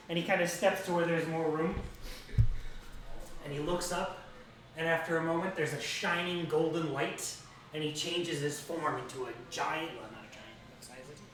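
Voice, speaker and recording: A man's voice: on the high side, fairly even intonation, moderate pace, distant mic, a crowd in the background. A man running a tabletop game as dungeon master, reading descriptive passages and then talking loosely with the players. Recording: echoey room.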